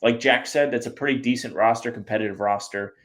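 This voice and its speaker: A man from the US Northeast, co-hosting a sports podcast in casual chat, animated and acting out the people he quotes. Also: medium pitch, fairly quick. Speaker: podcast co-host.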